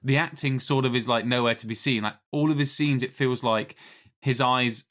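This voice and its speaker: A chatty man co-hosting a film podcast, talking at a middle pitch. He is animated and laughs easily as he reviews a film. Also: normal speed. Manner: chatty, animated, laughs often, does voices. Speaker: podcast co-host. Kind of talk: casual film-review chat.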